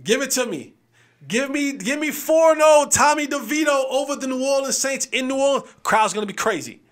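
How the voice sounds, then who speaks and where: Man, sports show host, high voice, bright and sharp tone, casual picks chat, playful, repeats himself for emphasis. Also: lively intonation, brisk.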